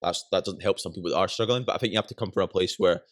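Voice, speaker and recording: A young man with a Scottish accent talks at a rapid clip in a low, deep voice. He rambles through his stories, tossing in "you know what I mean" again and again. The sound is close and dry, with no room around it. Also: no echo. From Scotland. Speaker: podcast guest. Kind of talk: casual chat.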